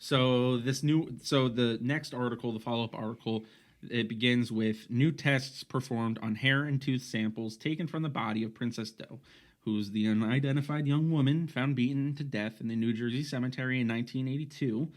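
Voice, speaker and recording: A man's voice: mid-range voice, normal speed. A man co-hosting a casual podcast, rambling through his points with many restarts and fillers. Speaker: podcast co-host.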